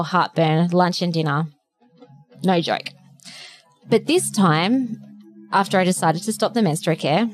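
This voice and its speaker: A woman podcast co-host telling a personal story in an earnest, emotional way, with plenty of fillers. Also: mid-range voice.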